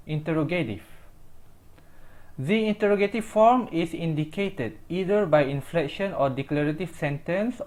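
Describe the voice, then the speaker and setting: A language teacher giving a recorded lesson in slow, deliberate explanations, using simple English with small grammar slips and repeating each example phrase. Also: medium pitch, a little mellow.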